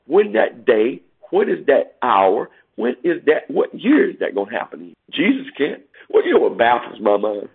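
A man's voice: medium pitch, creaky, breathy edge. A man preaching a sermon, quoting scripture and climbing in emphatic bursts. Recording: tinny phone-like sound.

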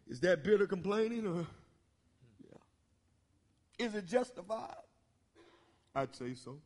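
A man preaching a sermon in a church, using call-and-response and swelling into half-sung shouts. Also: sits high, lively intonation, slow, pauses often. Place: church sanctuary. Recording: long church hall reverb.

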